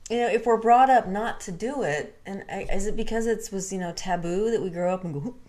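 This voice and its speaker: A woman's voice: mid-range voice, fairly quick, a little mellow. A young adult woman casually telling a candid, rambling personal story and swearing freely.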